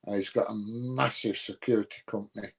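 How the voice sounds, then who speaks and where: A man's voice: on the low side, fairly even intonation, brisk, vocal fry, slightly rough. A middle-aged man from the UK chatting casually on a livestream, rambling and full of fillers as he answers viewers. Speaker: livestream host answering chat. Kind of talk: casual chat.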